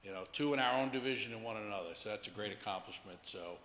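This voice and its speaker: A man's voice: lowish voice, quick pace, a bit bright. Man at a school board meeting. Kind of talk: meeting remarks. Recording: echoey hall with background noise.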